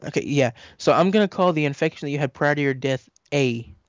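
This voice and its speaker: A man co-hosting a casual podcast chat, halting and restarting his sentences and laughing often. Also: a little high, no echo, clean studio sound. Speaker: podcast co-host.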